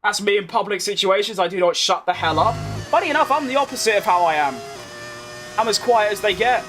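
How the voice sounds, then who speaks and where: With faint music behind him, a young man from London, England, gives brisk live commentary on a racing game in a high-pitched, slightly bright voice. His London accent leans a bit posh, and he answers chat with rambling asides.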